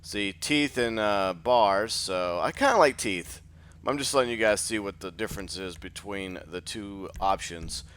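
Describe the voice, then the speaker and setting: A man's voice: lowish voice, a little slow, fairly bright tone, slight background noise. A man hosting casual gameplay commentary, sleepy after just waking up, rambling and thinking aloud with lots of fillers. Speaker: gaming channel host.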